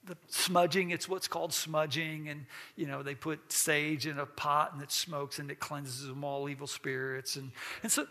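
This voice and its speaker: High, gravelly-voiced man teaching a class. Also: level tone, normal speed, few pauses, bright, forceful tone. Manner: folksy, asks the class questions, laughs often.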